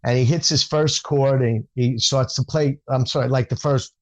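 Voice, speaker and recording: A man, a stand-up comedian, telling an animated story in casual conversation and acting out the dialogue. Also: mid-range voice, moderate pace.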